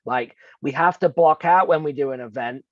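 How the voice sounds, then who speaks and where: A man's voice: fairly high pitch, normal speed, dry recording, lo-fi sound. A man co-hosting a coaching talk, explaining earnestly with examples and rhetorical questions. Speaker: real estate coach and co-host.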